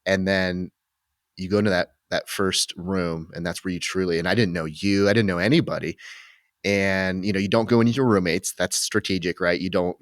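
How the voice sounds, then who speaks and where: Deep-voiced man talking reflectively. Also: fairly even intonation, normal speed, dry recording, clean studio sound. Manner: reflective, rambling with many restarts. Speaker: podcast host. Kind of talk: casual conversational interview.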